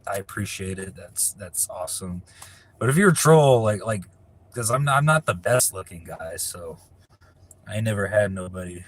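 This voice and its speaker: Husky low-voiced male livestreamer. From California. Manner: reads chat questions aloud, rambling and profane. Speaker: livestreamer answering viewer chat. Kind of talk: casual live-stream chat.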